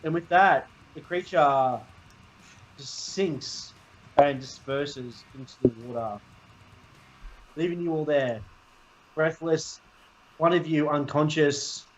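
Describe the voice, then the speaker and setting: Lively dungeon master on a dull mic. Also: male voice, on the high side. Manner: lively, quick, laughing asides. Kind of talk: narrating a tabletop game.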